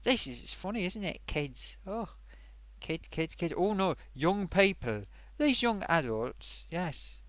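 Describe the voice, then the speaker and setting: A man's voice: high voice, big pitch swings, slow pace, a bit bright, no echo. A man hosting a live stream in a rambling, chatty, self-amused way, reading out viewer comments with lots of fillers. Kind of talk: casual live-stream chat.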